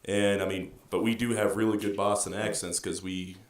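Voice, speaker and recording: A man's voice: low-pitched, level tone, moderate pace. A young man from Massachusetts, a guest on a sports podcast, telling casual stories and laughing often. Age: young adult. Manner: storytelling, laughs often, slips into put-on accents. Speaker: guest, college football lineman. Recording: roomy, off-mic with faint noise.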